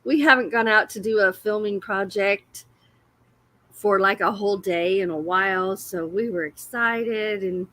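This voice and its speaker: A woman's voice: medium pitch, unhurried, fairly bright tone, no echo. A woman hosting a casual livestream, chatty and often breaking into laughter. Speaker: livestream host.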